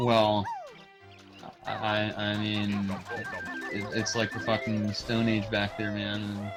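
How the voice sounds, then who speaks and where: A man's voice: on the low side, monotone, slow pace, rough recording. A young man, a speedrunner, chatting casually while playing, rambling and swearing with many restarts. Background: game music.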